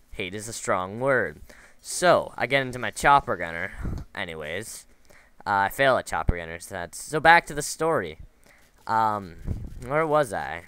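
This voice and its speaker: A man with a low voice gives loose, wandering commentary over his game footage, breaking into side stories. His tone is bright and crisp. The sound is dry and close. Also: no echo. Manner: rambling, lots of fillers and restarts, wanders off into stories. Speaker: gameplay commentator.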